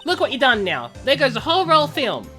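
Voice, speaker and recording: Woman doing a sassy southern gal with a big drawl, loud and lively, swoops all over, bright edge. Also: high-pitched, fast talker, faint music behind, voice pushed up, exaggerated voice. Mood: sassy scolding. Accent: exaggerated Southern US drawl. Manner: loud, sassy, folksy scolding. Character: brash, prickly Southern woman photographer, young adult.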